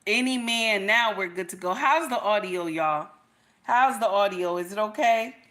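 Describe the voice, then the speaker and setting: Middle-aged woman livestream host, bright voice, emphatic and repetitive. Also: mid-range voice, moderate pace. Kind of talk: casual livestream commentary.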